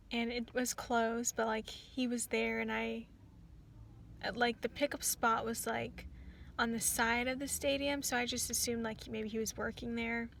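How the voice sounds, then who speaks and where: A young woman tells a casual storytime, rambling through her words with plenty of fillers and restarts. Her voice sits high and sounds bright and clear, lifting when she quotes someone. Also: a little hiss or hum. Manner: rambling, many "like"s and restarts, quotes others in lively bursts. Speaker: rideshare driver telling a story.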